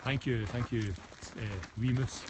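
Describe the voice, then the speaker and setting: A Scottish stream host from the west of Scotland speaks at a measured pace, medium pitch and fairly even intonation while walking a mountain forest path, phone in hand. Chatty and responsive to comments, he restarts frequently; background noise is clear.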